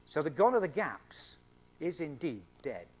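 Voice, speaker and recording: A man's voice: fairly high pitch, sing-song, unhurried. Earnest man giving a lecture. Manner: earnest and explanatory, stressing key words with everyday examples. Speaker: scientist giving an evening talk to a student Christian group. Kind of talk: public lecture. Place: university event room.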